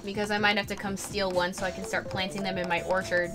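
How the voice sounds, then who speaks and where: A woman streaming a video game in casual chat, talkative and quick to burst into excited squeals and laughter. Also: medium pitch, music in the background.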